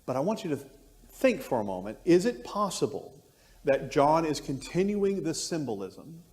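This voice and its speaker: A man's voice: a little high, sing-song, normal speed, darkish tone. A man teaching an adult Bible class, musing aloud and thinking through his points with frequent restarts. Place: church classroom. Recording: long reverb of a church room.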